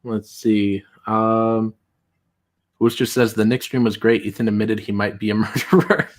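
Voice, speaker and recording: Male streamer, loose conversational read, mocks quotes in high voices. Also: steady tone, normal speed. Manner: reads tweets aloud in mocking high voices, laughs often. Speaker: streamer host. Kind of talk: casual livestream chat.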